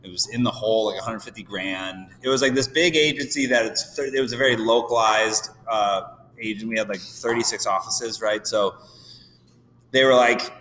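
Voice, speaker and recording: A middle-aged man from Illinois, lowish and a bit bright in voice, speaks at normal speed with fairly even intonation. He's a podcast guest chatting casually, rambling, restarting often and laughing easily. The distant mic in an event venue room picks up hall echo and faint noise.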